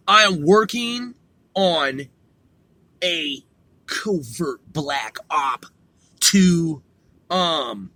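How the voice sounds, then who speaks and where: A man's voice: fairly high pitch, animated, very slow, pauses often, bright, forceful tone, no echo. A man hosting a podcast in a casual, rambling monologue, laid-back and profane, chuckling often. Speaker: podcast host.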